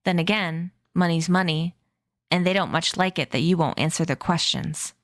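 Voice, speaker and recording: A woman's voice: lowish voice, fairly even intonation, moderate pace, dry recording, clean studio sound, close to an everyday voice. A woman voicing a cagey, streetwise gypsy boy in a read-aloud story, with clipped, slangy speech. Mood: guarded.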